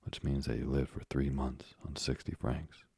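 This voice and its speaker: A man's voice: very deep voice, level tone, normal speed, vocal fry, a little mellow, husky, no echo, studio quality, full character voice. A man voicing an earnest young sailor speaking to his father in an audiobook, urgent and eager.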